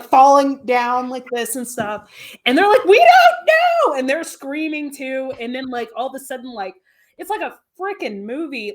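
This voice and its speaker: A woman guest with a somewhat high voice tells a story in a loose, animated way. She piles on fillers and breaks into laughter as she goes. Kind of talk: casual storytelling.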